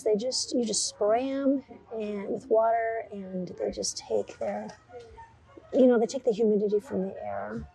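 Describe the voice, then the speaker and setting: A woman's voice: medium pitch, creaky, warm tone, rough recording. A woman chatting enthusiastically to her viewers as she browses plants in a garden center, speaking in a casual vlog style. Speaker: gardening vlogger. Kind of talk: casual vlog narration while shopping.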